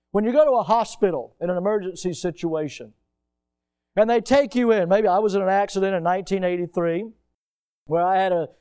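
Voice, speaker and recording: A middle-aged pastor with a fairly high voice delivers a sermon. He stretches out key words slowly and then hurries through the rest, often dropping into a hushed, gentle tone.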